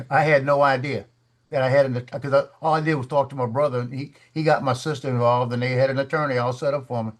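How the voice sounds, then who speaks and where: A man's voice: mid-range voice, fast talker. A man in a casual studio chat, telling a story with restarts and repeated words and acting out the people in it. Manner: animated storyteller, acts out the voices of people in his story.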